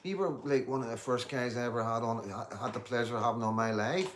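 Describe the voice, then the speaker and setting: A man's voice: mid-range voice, quick pace, a bit bright, a little hiss or hum. A man, hosting a casual livestream and talking bluntly to viewers, swearing freely as he reads out their comments. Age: 50s. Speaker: livestream host.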